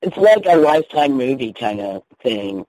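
Man, North Carolina Southern accent, mellow tone, chatty and candid, radio interview guest. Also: mid-range voice, big pitch swings, moderate pace, no echo, rough recording. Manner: chatty, candid, laughs easily. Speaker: guest minister.

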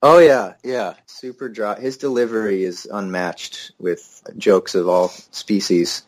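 A young man, a musician guest in an interview, telling stories in a relaxed, easygoing way and laughing easily. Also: fairly low pitch, slow pace. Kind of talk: casual interview conversation.

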